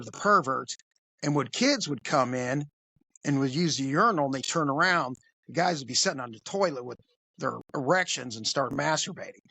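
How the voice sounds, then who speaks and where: A man, a police officer, telling a crude story in an animated, conversational way. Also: fairly high pitch, gravelly, no room sound. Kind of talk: casual storytelling.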